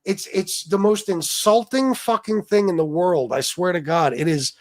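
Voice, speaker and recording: A man's voice: sits high, moderate pace, no room sound. A man hosting a livestream, ranting profanely and aggrieved at his viewers. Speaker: livestream host.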